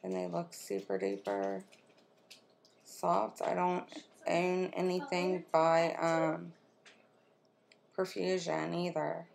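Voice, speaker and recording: Slow, gravelly-voiced woman gushing over makeup. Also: on the low side. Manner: gushing, excitable, talks to her viewers and her friend. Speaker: makeup vlogger opening a swap box. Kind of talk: casual unboxing chat. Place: at home, with her children nearby.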